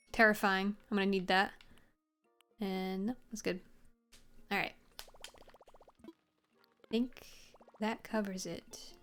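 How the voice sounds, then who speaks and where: A woman streams a cozy video game and talks her way through it in a loose, rambling chat. She jokes around and swears freely, at a middle pitch. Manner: chatty and rambling, with laughs and swearing. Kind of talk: casual gameplay commentary.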